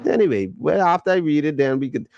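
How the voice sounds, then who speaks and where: A man hosting a podcast, casually chatting and reading viewer comments in a playful, slangy, excitable way. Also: on the high side, fast, creaky, dry recording, dull audio. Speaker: podcast host.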